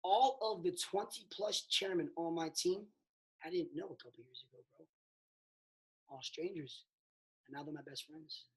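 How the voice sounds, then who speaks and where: A man telling a motivational story on a mentorship call, emphatic and excitable, swinging between hushed and loud and calling listeners "bro". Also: fairly high pitch, moderate pace, long pauses. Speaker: network marketing mentor.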